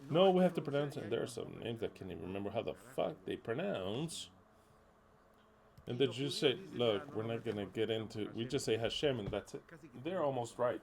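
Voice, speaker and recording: A man delivering a sermon with a medium-pitched voice. He talks emphatically and bluntly. He repeats his key words and swears now and then. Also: lively intonation, moderate pace, vocal fry, darkish tone. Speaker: preacher.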